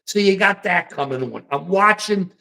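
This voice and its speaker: A man's voice: high-pitched, expressive, moderate pace, creaky, pushed and bright. American man, livestream host, casual rambling political chat, folksy slang. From United States.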